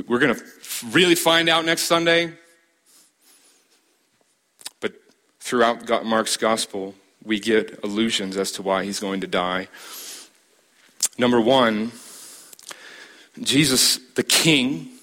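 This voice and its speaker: Man, pastor, sermon, bright tense voice, dramatic pauses, repeated phrases. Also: medium pitch.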